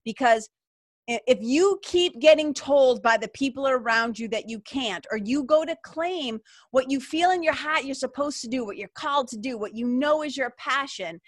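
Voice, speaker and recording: A woman's voice: high voice, animated, normal speed, no room sound, clean studio sound. A woman, hosting a podcast and telling stories from her own life in a candid, casual way, swearing freely and using lots of fillers. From Massachusetts. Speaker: podcast host. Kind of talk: casual storytelling monologue.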